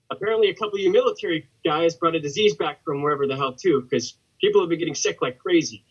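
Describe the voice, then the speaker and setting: A man's voice: on the high side, brisk. A man acting a chatty young factory worker and union man, reading his letter in a plainspoken way in a theatre monologue. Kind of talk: theatre monologue over video call. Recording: husky, muffled video-call audio.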